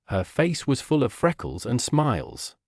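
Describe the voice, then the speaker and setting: Casting: male audiobook narrator for learners, clear and plain, lively pitch, dry close sound. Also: measured pace, no echo.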